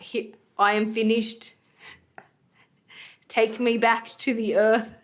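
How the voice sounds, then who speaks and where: A woman's voice: fairly high pitch, flat delivery, slow pace. A woman voicing a proud, devoted placenta that declaims in grand, solemn speech.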